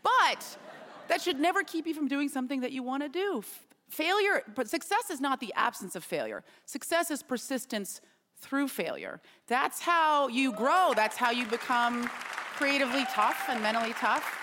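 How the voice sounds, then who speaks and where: An animated woman, a comedian and actor, tells jokey, self-mocking stories as an interview guest. Her voice carries a long reverb tail, as if it is heard in a large hall. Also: high voice, moderate pace, a faint crowd. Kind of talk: comic storytelling interview.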